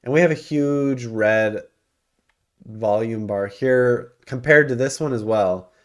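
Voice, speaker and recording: A mid-range, slow-paced male voice belongs to an investing channel host chatting casually about stocks over his screen. The talk is loose, riddled with ums and self-corrections, and he yawns and hiccups throughout.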